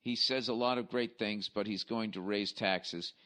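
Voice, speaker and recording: A man's voice: on the low side, fairly even intonation, moderate pace, fairly bright tone. A man in his forties from the United States, hosting a podcast in a blunt, profane, exasperated way while reading out a listener's letter. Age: 40s. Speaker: podcast host.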